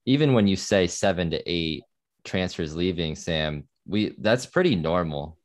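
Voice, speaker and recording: A man co-hosting a casual sports podcast, speaking in a relaxed, conversational way. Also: low voice, a little slow, dry recording, studio quality. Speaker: podcast co-host.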